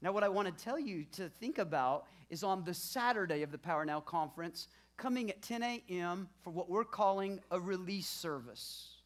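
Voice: medium pitch, animated, normal speed, hardly any pauses. A pastor giving church announcements and a sermon, preaching emphatically and repeating lines with building force.

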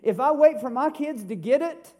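A man in his fifties preaches with a notably high, bright voice. He keeps it lively, tossing out rhetorical questions and jokes as a pastor addressing his church. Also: normal speed. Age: 50s. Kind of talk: sermon.

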